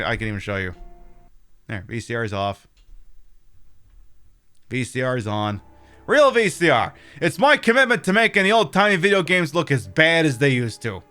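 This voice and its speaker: A man's voice: mid-range voice, pushed and bright. Chatty, profane drag queen streamer. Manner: chatty and profane, many fillers. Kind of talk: casual livestream chat.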